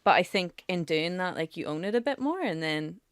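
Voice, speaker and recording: A woman's voice: fairly low pitch, expressive, brisk, clear, resonant tone, no echo. A woman hosting a podcast, reflecting on what a guest shared, with many "likes" and "ums", in a studio. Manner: warm, reflective, many fillers. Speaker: podcast host. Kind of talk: casual chat.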